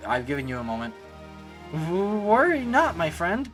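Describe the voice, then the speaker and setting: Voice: medium pitch, very animated, moderate pace, natural voice, low-quality recording. A streamer voicing a haughty woman scholar, reading game dialogue in a theatrical, mock-formal way with stammers, over faint music. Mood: pompous.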